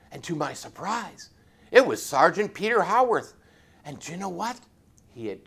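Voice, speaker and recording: A man earnestly telling a faith testimony, with repeated phrases and pauses. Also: lowish voice, fairly bright tone, a little hiss or hum. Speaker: former police chaplain telling a testimony.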